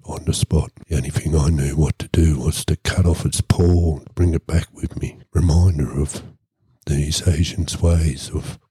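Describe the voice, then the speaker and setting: A man with an Australian accent telling a crude, deadpan comic tall tale on a podcast, swearing constantly. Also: extremely low pitch, normal speed, breathy edge, no room sound, clean studio sound. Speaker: podcast host.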